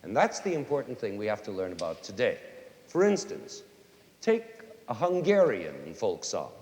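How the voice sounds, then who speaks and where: A middle-aged man giving a lively lecture on music to a young audience, now and then singing short folk tunes to make his point. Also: fairly low pitch, normal speed. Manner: animated, sings and hums short folk tunes to demonstrate. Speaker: conductor and music educator. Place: large concert hall with audience. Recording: roomy concert hall reverb, faint hiss.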